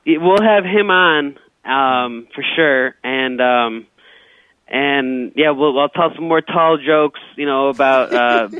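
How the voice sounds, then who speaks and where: Speaking slowly in a mid-range voice, a comedian guest rambles through casual comic stories, stammering and restarting as he goes. The recording is dry and comes over a tinny phone line.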